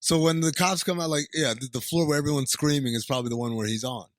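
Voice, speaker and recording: A man's voice: fairly high pitch, fast, dry recording, studio quality. A man co-hosting a podcast, riffing sarcastically in rambling asides. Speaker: podcast co-host. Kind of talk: casual chat, sarcastic commentary.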